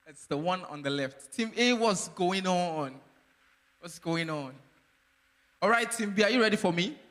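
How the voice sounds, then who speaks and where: Hosting a playful live quiz at a workshop, a man teases the teams and keeps laughing. His voice sits high, with lively intonation, a measured pace and a fairly bright tone, echoing with long reverb in the event hall.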